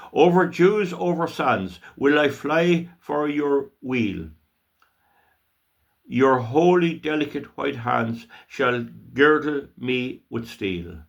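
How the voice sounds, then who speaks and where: Slow, gravelly older man reciting poetry. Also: mid-range voice, lively intonation. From Ireland. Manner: slow, emotional, declaiming with long drawn-out phrases.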